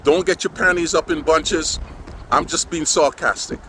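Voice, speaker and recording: This vlogger speaks at normal speed with a fairly high pitch and steady tone. Outdoors on gusty streets and partly behind the wheel, he rambles casually and sarcastically, often saying "man," while wind and traffic noise run underneath.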